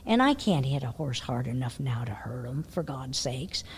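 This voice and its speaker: An older woman telling horse-show stories in a casual interview, animated, laughing often and dropping to a hush when she quotes herself. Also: very deep voice, moderate pace, slight background noise. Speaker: interview guest, horse trainer.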